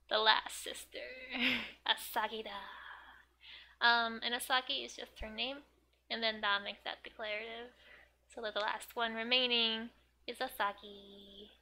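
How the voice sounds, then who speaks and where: A woman's voice: fairly high pitch, sharp tone, slight background noise. A young woman giving a casual language lesson, chatty and thinking aloud with fillers and frequent laughs. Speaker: Japanese language tutor.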